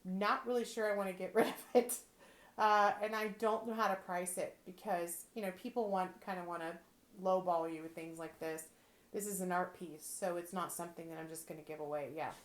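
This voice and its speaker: A woman's voice: fairly low pitch, fairly even intonation, brisk. A woman, chatting playfully as she shows off jewelry she resells. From Texas. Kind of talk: casual chat. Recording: roomy echo.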